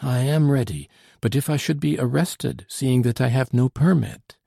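A man's voice: medium pitch, normal speed, vocal fry, dark tone, breathy edge, dry recording, clean studio sound, voice pushed up. A man playing a dignified aristocratic father. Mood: earnest, formal. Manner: formal, grateful, earnest.

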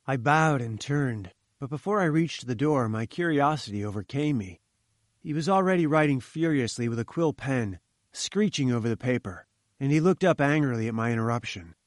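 A man narrating a classic tale as an audiobook, in a measured, expressive storytelling manner. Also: mid-range voice, no echo, clean studio sound.

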